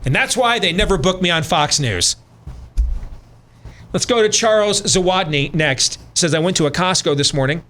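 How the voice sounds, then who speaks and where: A man's voice: sits high, lively intonation, normal speed, fairly bright tone, a little hiss or hum. A middle-aged man hosting a radio talk show, ranting with sarcastic, emphatic commentary.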